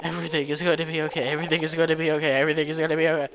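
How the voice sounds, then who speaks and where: A man's voice: a little high, normal speed, a bit bright. A man reading as a fragile anxious boy. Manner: reads game dialogue aloud, repeats lines. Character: anxious, fragile teenage boy, clingy and uneasy. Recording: noisy recording.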